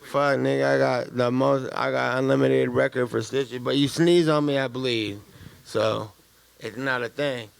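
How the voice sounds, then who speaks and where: Gravelly, blunt, profane man. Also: medium pitch, steady tone, measured pace, no echo. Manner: blunt, profane, loose street slang, rambling. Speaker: fighter at a post-fight press conference. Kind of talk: post-fight press conference answers. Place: press conference room.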